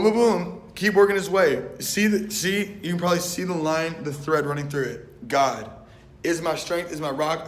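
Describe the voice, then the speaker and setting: Slangy young man in an echoey room. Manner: animated and slangy, acting out voices with "boom" and "bet". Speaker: Christian rapper and artist. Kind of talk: casual faith talk, retelling a Bible story. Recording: roomy echo.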